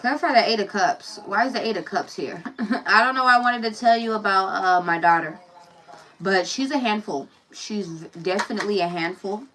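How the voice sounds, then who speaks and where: A woman's voice: on the low side, a bit bright, recorded from a distance, a little hiss or hum, low-quality recording. A woman giving a casual tarot reading, telling a personal story and talking bluntly and profanely straight to the viewer. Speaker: tarot reader.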